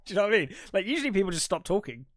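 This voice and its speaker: A man's voice: sits high, sing-song, racing, dry recording, clean studio sound. A man co-hosting a podcast, casually retelling a film's plot in a rambling way, full of fillers and restarts. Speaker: podcast co-host. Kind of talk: casual film recap chat.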